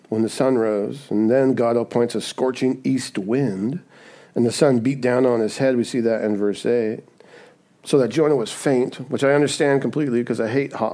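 Animated man preaching a sermon. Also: mid-range voice. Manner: animated, asks "right?" often, acts out scenes.

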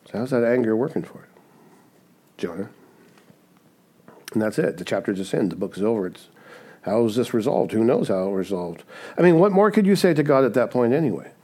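A man preaching a sermon, animated and conversational, often checking in with "right?" and acting out scenes. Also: mid-range voice, fast.

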